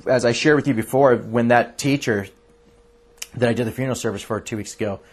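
A man's voice: mid-range voice, fairly quick, husky. A man preaching a sermon as a pastor, telling stories earnestly and often restarting his sentences. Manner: earnest, animated storytelling with frequent restarts.

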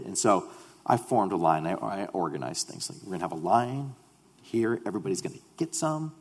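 A man's voice: low-pitched, normal speed, breathy edge, big-room sound. A man giving an earnest personal testimony to a congregation, often stumbling and repeating words as he starts his sentences. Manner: earnest, animated storytelling. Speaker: speaker sharing a mission testimony.

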